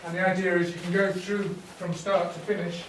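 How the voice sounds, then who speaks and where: A man leading a teacher workshop, explaining teaching ideas in a relaxed way with fillers and restarts. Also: high-pitched, brisk, background noise. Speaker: workshop trainer. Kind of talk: teacher training talk. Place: workshop room. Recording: echoey room, distant mic.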